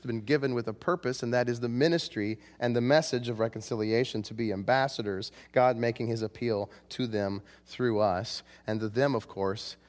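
A man preaching a sermon, earnest and impassioned, rising to pleading cries when he quotes scripture. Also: mid-range voice. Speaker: pastor. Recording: long hall reverb.

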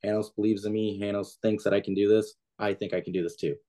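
A man's voice: on the low side, level tone, fast talker, dark tone. A young man, a diving coach, talking casually as a podcast guest, plain-spoken with lots of "like" and "kinda". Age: young adult. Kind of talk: podcast interview.

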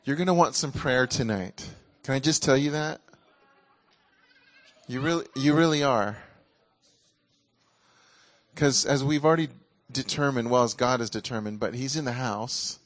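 A man preaching in a relaxed, conversational way and leading a congregation in prayer. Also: mid-range voice, a little slow, long pauses, dry recording. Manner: ecstatic, exclaiming and laughing during prayer. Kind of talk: charismatic sermon and prayer ministry.

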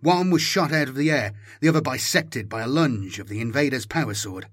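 A man's voice: mid-range voice, a little fast, husky, no echo. A man doing dramatic scripted audiobook narration on a close mic. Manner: dramatic, animated storytelling.

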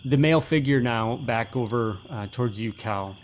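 A man's voice: medium pitch, normal speed, slight background noise. A man narrating a tabletop role-playing game as game master, loose and descriptive with lots of fillers.

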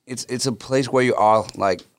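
A man in casual podcast chat, eager and halting, with lots of restarts. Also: mid-range voice, steady tone, no room sound, clean studio sound. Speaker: YouTuber, podcast co-host.

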